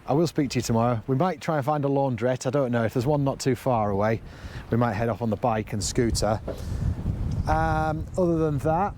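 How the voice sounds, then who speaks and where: A man's voice: medium pitch, fairly quick, darkish tone. A middle-aged man vlogging casually to camera, earnest and a little emotional, rambling as he talks. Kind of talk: casual vlog talk to camera. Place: outdoors by the sea, then in a camper van. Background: faint wind and outdoor ambience.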